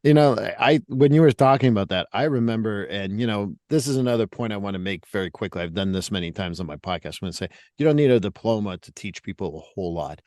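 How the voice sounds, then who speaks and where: A man's voice: fairly low pitch, lively intonation, fast talker, few pauses, darkish tone, no echo, studio quality. A middle-aged man hosting a podcast, telling stories in a blunt, casual way and often repeating words. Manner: storytelling, blunt, repeats himself. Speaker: podcast host.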